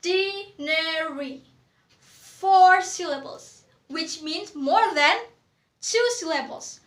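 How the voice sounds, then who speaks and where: A young woman teaches English grammar, speaking slowly and repeating each word for the class. Her voice is very high and bright. The sound carries the echo of a classroom. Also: expressive. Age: young adult.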